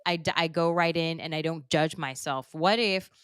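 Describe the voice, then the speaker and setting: A woman hosting a podcast, chatting casually and warmly encouraging her guest, emotional and quick to laugh. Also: low voice, clear, resonant tone, dry recording, studio quality. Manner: emotional, gushing, laughs through tears. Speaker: podcast host.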